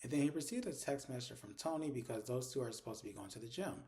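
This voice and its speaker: Fast-talking man recapping a TV episode. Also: medium pitch, animated, dark tone. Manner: chatty retelling that voices the characters' lines, with casual profanity. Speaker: TV episode reviewer. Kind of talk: casual recap commentary.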